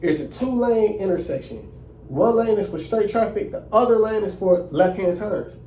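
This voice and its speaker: A young man telling a story in a casual, animated, indignant way and using lots of slang. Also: high-pitched, moderate pace, reverberant, far from the mic, slight background noise. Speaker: vlogger.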